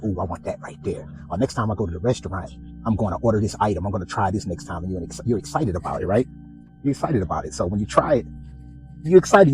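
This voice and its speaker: Guy talking fast about faith, lowish voice, acts out little bits of dialogue, soft music under it. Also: rough recording. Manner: animated storytelling, acts out dialogue. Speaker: podcast host. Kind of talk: casual spiritual reflection.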